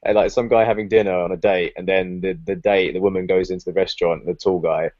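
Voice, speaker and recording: A man's voice: low-pitched, steady tone, fast, a little mellow. A young man chatting casually as a podcast co-host, rambling and laughing often as he retells comedy sketches. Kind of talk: casual chat. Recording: dry, slightly dull lo-fi sound.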